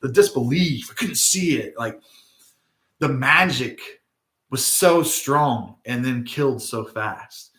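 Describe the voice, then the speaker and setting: A man's voice: medium pitch, takes it slowly, a bit bright. A middle-aged man hosting a spiritual video, telling a story in a casual, digressive way and often checking in with "right?". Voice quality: frequent tag questions, digressive storytelling. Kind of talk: casual rambling monologue. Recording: roomy echo.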